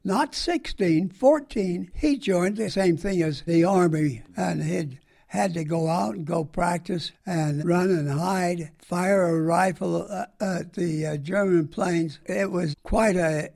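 Older man, gravelly fry in the voice, folksy oral history storytelling. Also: high-pitched, fairly even intonation, slow pace, darkish tone. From United States. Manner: folksy, plain-spoken storytelling. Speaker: veteran interviewee.

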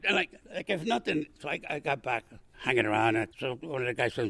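Gravelly older man telling war stories. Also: mid-range voice, fast talker, no room sound. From Brooklyn. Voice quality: gravelly, husky. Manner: rambling, animated, acts out voices in his story. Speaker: veteran guest. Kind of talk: oral history storytelling.

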